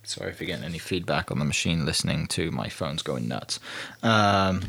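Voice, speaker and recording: A man hosting a podcast, talking in a relaxed, rambling way with fillers. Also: rumbling low, brisk, vocal fry, slight background noise. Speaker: podcast host. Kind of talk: casual chat.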